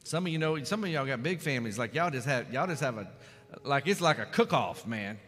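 A man preaching a fervent sermon, swinging between loud calls and hushed passages. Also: medium pitch, animated, brisk, big-room sound. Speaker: pastor. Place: church sanctuary.

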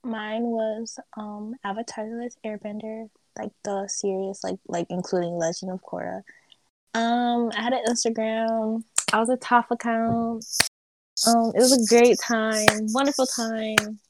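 Young woman co-host, fairly high voice, playful and gushing, dry close recording. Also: fairly even intonation, measured pace, no room sound. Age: young adult. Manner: enthusiastic, playful exaggeration. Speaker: podcast co-host. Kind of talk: casual chat among friends.

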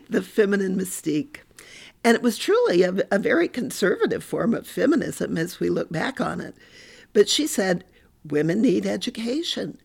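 An older woman speaks in a podcast interview, recounting her life candidly and with animation. Her voice carries a gravelly, creaky edge at a middle pitch. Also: big pitch swings, moderate pace, pauses often. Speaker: guest, professor.

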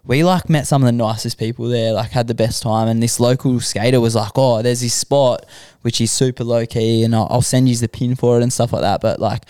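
A man's voice: mid-range voice, fairly even intonation, a little fast, hardly any pauses, warm tone, smooth, no echo, clean studio sound. A young Australian man telling stories in a casual podcast chat, animatedly acting out the people in them and laughing often. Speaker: podcast guest, extreme sports athlete.

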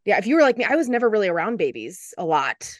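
A woman's voice: mid-range voice, very animated, very fast, no room sound, studio quality. A woman hosting a podcast, casual and encouraging as she chats with her guest. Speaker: podcast host. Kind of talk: casual conversation.

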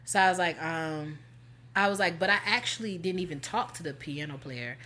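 A woman's voice: lowish voice, normal speed. A woman co-hosting a casual chat show, telling a story with lots of slang and acted-out quotes. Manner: animated, slangy, acts out quotes. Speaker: podcast co-host.

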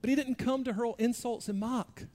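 A man preaching a sermon in a conversational, self-deprecating way, moving between quiet asides and louder bursts. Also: very high-pitched, fairly even intonation, normal speed, big-room sound. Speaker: pastor.

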